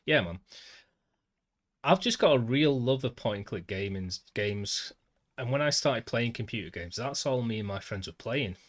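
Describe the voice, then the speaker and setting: A man's voice: medium pitch, expressive, normal speed. Mancunian man chatting on a game stream. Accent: Northern English, Manchester. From Manchester, England. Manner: chatty, talks to chat, says "mate" often. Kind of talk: casual gameplay livestream chat.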